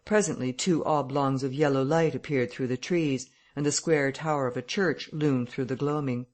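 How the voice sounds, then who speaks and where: An audiobook narrator reading a classic novel in a steady, measured way. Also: mid-range voice. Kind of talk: scripted narration.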